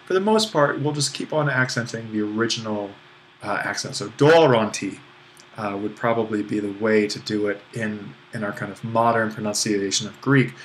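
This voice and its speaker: In a recorded online lesson, a man who teaches Greek explains accents step by step, keeping it easygoing with fillers and jokes at his own expense. His voice is on the low side and fairly bright, with slight background noise.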